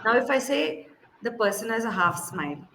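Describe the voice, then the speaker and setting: A woman's voice: fairly high pitch, lively intonation, normal speed. A woman with an Indian English accent, tutoring spoken English on a video call, coaxing and acting out phrases with exaggerated intonation. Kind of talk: online spoken-English lesson. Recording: echoey room with loud background noise.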